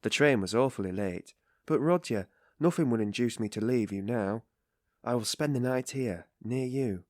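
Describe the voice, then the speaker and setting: A man's voice: mid-range voice, moderate pace, no room sound, studio quality, voice pushed up, close to an everyday voice. A man voicing an anxious, tearful middle-aged mother who pleads with her son in a raised, fretful voice. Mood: anxious pleading.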